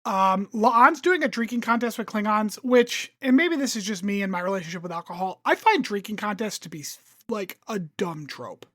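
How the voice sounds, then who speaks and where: A woman's voice: medium pitch, animated, moderate pace, a bit bright, dry recording, clean studio sound. A woman co-hosting a podcast, recapping an episode in a casual, chatty way with lots of fillers. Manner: chatty recap with lots of um and like, acts out characters' lines. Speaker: podcast co-host summarizing the episode. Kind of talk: casual chat.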